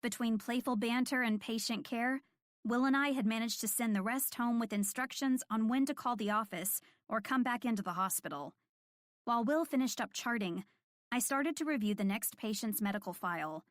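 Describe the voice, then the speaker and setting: A woman reading a first-person audiobook in a calm, measured, clear voice. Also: fairly high pitch, no echo, studio quality. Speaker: audiobook narrator.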